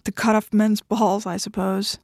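A heartbroken husband who begs and pleads, his voice cracking, as a woman reads him. The delivery is dry and close, and sits at a middling pitch. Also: flat delivery, unhurried, darkish tone, no room sound. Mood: resigned. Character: pleading heartbroken married man.

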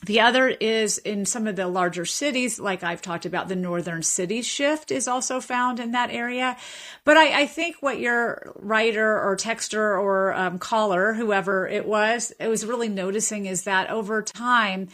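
A woman who is a linguistics professor explains speech differences in a radio interview, measured and thoughtful, with frequent fillers and restarts. Her voice is mid-range with a fairly bright tone.

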